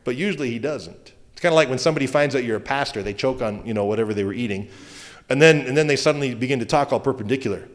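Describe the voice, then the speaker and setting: A male pastor giving a sermon in a conversational manner, with joking asides and quick self-corrections. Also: mid-range voice. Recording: long hall reverb.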